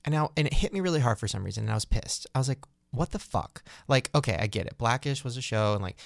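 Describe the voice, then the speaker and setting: A man's voice: mid-range voice, rapid-fire, gravelly, dry recording, clean studio sound. A young man hosting a podcast, ranting casually with lots of swearing and laughter. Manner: animated, profane, rambling ranting with laughs. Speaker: podcast host. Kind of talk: casual chat.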